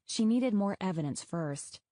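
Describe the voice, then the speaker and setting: In a mid-range voice, a woman reads scripted audiobook narration at a steady, measured pace. The audio is studio quality, free of any room sound.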